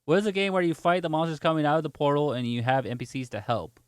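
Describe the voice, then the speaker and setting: A man's voice: on the high side, fast, smooth, no echo, studio quality. A man streaming games, chatting casually and telling a story with lots of laughter while answering viewer chat. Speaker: gaming streamer.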